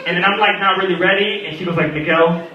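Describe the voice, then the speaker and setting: A young man doing a stand-up comedy set, animated and acting out characters with sudden loud squawks. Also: high-pitched, fast, lo-fi sound, faint music behind. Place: small comedy venue at a birthday party. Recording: echoey room, mic at a distance. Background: audience laughter.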